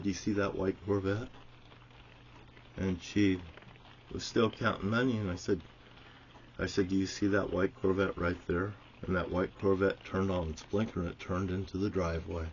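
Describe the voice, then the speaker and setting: A vlogger rants angrily at the camera, swearing nonstop through a profanity-laden monologue. His voice sits fairly low, and the dull, lo-fi recording carries slight background noise.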